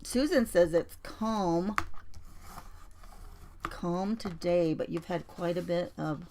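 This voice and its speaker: Chatty woman from Colorado, lower voice, host of a craft stream, slight hiss under the voice. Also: takes it slowly, warm tone. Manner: chatty, storytelling, greets viewers by name. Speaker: junk journal crafter on a livestream. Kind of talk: casual craft livestream chat.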